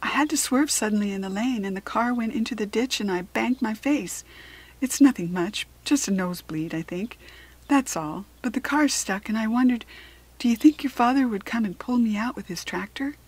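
Polite lady author, courteous, well-spoken, breathy, storybook, read by a woman. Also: a little high, moderate pace, voice pushed up.

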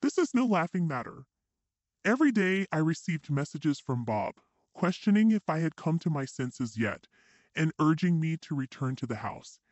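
Man narrating a dramatic story, lively pitch. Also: normal speed, no room sound, dull audio. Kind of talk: scripted first-person story narration.

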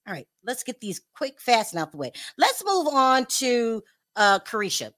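A woman's voice: fairly high pitch, sing-song, moderate pace, a bit bright. A woman hosting a celebrity gossip show, talking bluntly and animatedly, speaking straight to the stars she discusses. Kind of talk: casual commentary to camera.

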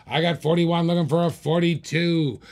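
A man runs a live online auction, calling out bids again and again and urging the bidders to raise. His voice sits a little high for a man and has a gravelly, fried edge. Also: fairly even intonation, darkish tone. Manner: rapid repetitive bid calling, hyping bidders. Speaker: auctioneer host.

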